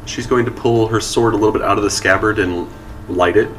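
Calm male tabletop player. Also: lowish voice, fairly quick, slight background noise. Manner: calm, matter-of-fact questions and actions. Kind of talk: tabletop game play.

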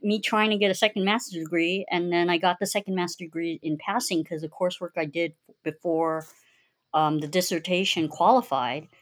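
A young adult woman candidly telling her life story in a casual, rambling way, with many fillers and quotes of her own past words. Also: fairly low pitch.

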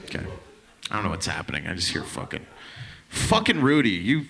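A man's voice: low-pitched, wildly swooping pitch, fairly quick, gravelly, noisy background. A young man doing a stand-up set on a club stage with a handheld mic. He talks loose and profane, riffs with the crowd, and slips into mocking voices. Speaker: stand-up comedian.

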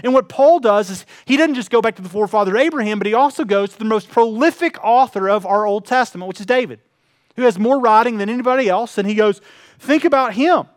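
Man, pastor, sermon, high voice, earnest, hushed then building, dry sound. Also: fast talker, dry recording. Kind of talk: sermon with personal story.

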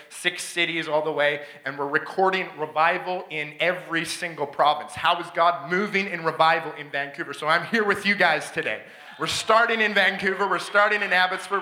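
A man preaching a sermon as a guest speaker, telling a story with excitement, frequent restarts and laughter. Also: fairly high pitch, reverberant. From Canada. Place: church sanctuary.

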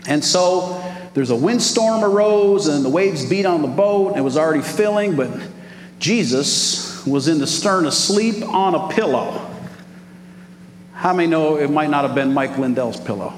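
A male pastor preaches in an animated style, calling out to his listeners. His voice sits high, and it rings through a big echoing hall with steady noise behind it. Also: measured pace. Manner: animated preaching with crowd call-outs. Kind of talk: sermon. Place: large church hall. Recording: echoey hall with background noise.

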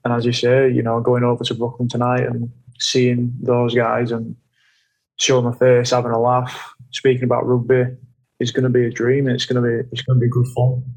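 A man's voice: medium pitch, monotone, darkish tone, poor audio. A man talking earnestly and reflectively in a casual conversation, often restarting his sentences. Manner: earnest, reflective, halting with repeats. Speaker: guest.

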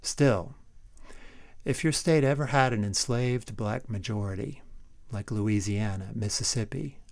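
A man with a low, gravelly voice narrates a history podcast from a script. He stays wry and keeps posing rhetorical questions to the listener. The sound is close and dry, with no room around it. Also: dry recording. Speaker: podcast host.

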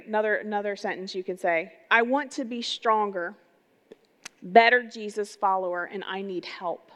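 A middle-aged woman pastor giving an energetic, conversational sermon, often putting rhetorical questions to her congregation. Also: lowish voice. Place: church sanctuary. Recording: long reverb of a large hall.

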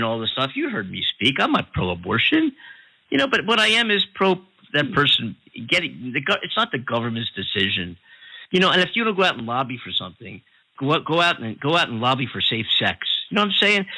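A man's voice: mid-range voice, sharp tone, husky, low-quality recording. A man hosting a casual talk radio show, rambling and repeating himself with lots of "you know"s. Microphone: studio microphone over online radio.

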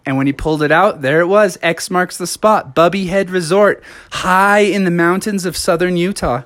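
A man's voice: high-pitched, moderate pace, fairly bright tone, no room sound, studio quality. A man telling an improvised children's story live, rambling along with fillers and self-corrections.

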